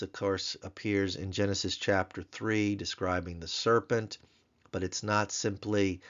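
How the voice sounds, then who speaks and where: A man teaching a grammar lesson in a recorded tutorial, explaining slowly and repeating words so learners can pronounce them. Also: deep voice, fairly bright tone, clear, resonant tone, lo-fi sound. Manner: slow, careful, repeats Hebrew words to drill pronunciation.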